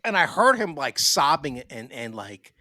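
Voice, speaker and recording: A man's voice: a little high, moderate pace, no room sound. A man co-hosting a podcast, telling rambling stories with lots of swearing. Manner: animated, profane storyteller. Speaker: podcast co-host. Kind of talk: casual chat.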